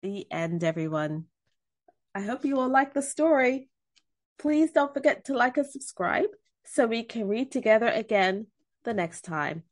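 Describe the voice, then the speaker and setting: A woman reading a picture book aloud to children, gentle and expressive. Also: on the high side, unhurried. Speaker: storyteller.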